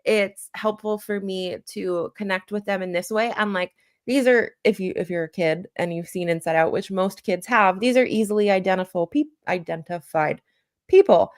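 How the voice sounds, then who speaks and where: A woman's voice: mid-range voice, moderate pace. A woman talking as a guest about working with children and parents, casual and chatty, full of "like" and restarts, sometimes acting out quoted lines. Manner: chatty, heavy use of "like" and self-corrections; plays out little dialogue bits in a raised voice. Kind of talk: casual conversational interview.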